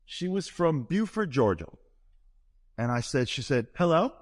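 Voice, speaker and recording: Lively man telling a funny story. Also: mid-range voice, measured pace. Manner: lively, playful, self-deprecating. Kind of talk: humorous storytelling to a live audience. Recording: long hall reverb.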